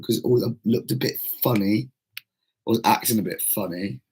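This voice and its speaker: A man's voice: fairly low pitch, moderate pace, darkish tone, slightly rough. A young British man hosting, ranting in a profane, digressive, exasperated monologue. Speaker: host.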